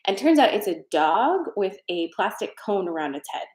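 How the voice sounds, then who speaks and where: A woman's voice: medium pitch, very animated, moderate pace, a little mellow, reverberant. A woman hosting a tarot and energy livestream, chatting casually and leading a guided breathing exercise. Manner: chatty, rambling, many fillers.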